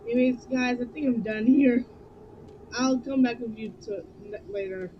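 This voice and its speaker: A woman's voice: fairly high pitch, normal speed, muffled recording, slight background noise. A woman streaming a video game live, chatting casually and breaking into nervous, jumpy exclamations.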